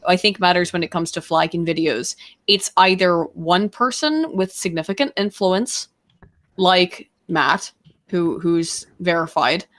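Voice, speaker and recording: A woman's voice: on the low side, a bit bright. A woman with a strained, worn-out voice, chatting candidly and profanely on a livestream. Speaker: stream co-host. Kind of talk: casual livestream chat.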